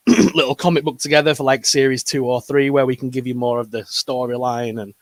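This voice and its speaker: Easygoing northern English co-host, loose and laughing. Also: male voice, medium pitch, steady tone, fairly quick, dry recording. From northern England. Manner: casual, laughing, many restarts. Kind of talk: live stream chat.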